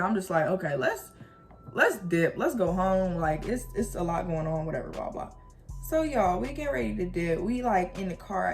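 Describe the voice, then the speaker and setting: Young woman vlogger, lively slangy storyteller, faint music under. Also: lowish voice. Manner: animated, slangy storytelling with quoted dialogue and laughs. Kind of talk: casual storytime.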